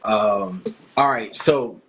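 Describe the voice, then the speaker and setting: A man hosting a casual interview, encouraging and quick to laugh. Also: on the low side, a bit bright, highs cut off, slight background noise. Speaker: podcast host.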